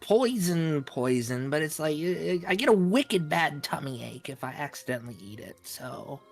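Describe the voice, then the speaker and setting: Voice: mid-range voice, normal speed, vocal fry, husky, soft background music. A player speaking in character in a tabletop game, timid and stammering. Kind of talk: tabletop role-play.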